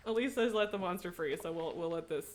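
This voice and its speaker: A woman's voice: on the low side, fast talker. A young woman streaming a game live, chatting casually, swearing and laughing often. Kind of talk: casual live gaming commentary.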